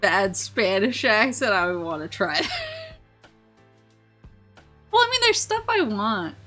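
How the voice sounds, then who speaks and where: A woman's voice: mid-range voice, very animated, slow pace, sharp tone, soft background music. A young woman streaming a casual chat, giggling often and rambling with lots of restarts. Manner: giggly, rambling, self-interrupting. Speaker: vtuber streamer.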